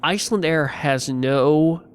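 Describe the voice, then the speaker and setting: Man, animated storyteller, slightly high voice. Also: slow pace, smooth. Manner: animated storytelling, acting out quoted people. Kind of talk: casual podcast chat.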